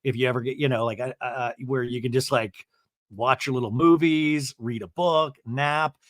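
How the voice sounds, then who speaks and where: Recapping a reality show for his podcast, a man keeps things casual and funny, cursing freely and animatedly performing the cast's lines. He speaks at normal speed with a medium-pitched voice, recorded at studio quality with no echo.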